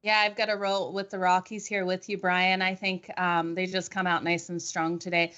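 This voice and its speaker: A woman's voice: fairly low pitch, little pitch movement, normal speed, a bit bright, smooth, dull audio. A woman on a sports betting panel, upbeat and chatty as she gives her picks. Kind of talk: casual sports betting chat.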